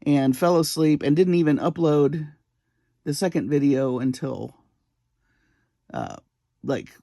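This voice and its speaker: Slow-talking woman, laughing through a story. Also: deep voice, creaky, dark tone, no echo, studio quality. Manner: chatty, self-deprecating, often breaks into laughter. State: awake at three in the morning. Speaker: jewelry-making channel host. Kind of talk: casual vlog storytelling. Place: home bead room and office.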